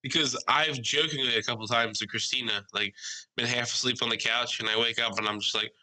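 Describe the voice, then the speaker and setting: A young man co-hosting a casual podcast, telling animated stories, swearing freely and mimicking other people's voices. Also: mid-range voice, brisk, poor audio. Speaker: podcast co-host.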